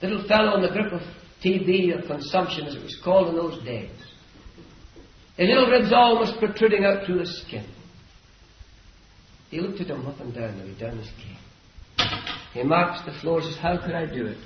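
A man preaching a fervent sermon, telling a story and rising to shouts on key phrases, in a dull, echoey old recording. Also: high voice, lively intonation, normal speed, long pauses, a little hiss or hum.

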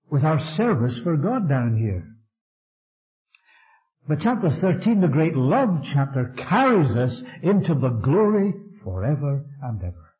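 Fervent preacher man, lively pitch. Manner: fervent, emphatic preaching with rising and falling delivery. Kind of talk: sermon. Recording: dull lo-fi recording.

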